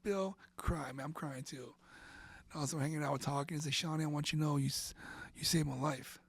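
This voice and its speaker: His pace is racing and his voice on the high side, creaky with a breathy edge and little pitch movement. He's a middle-aged man from central Florida, an interview guest rambling through an emotional story, often using "and all of a sudden" and sometimes nearly whispering.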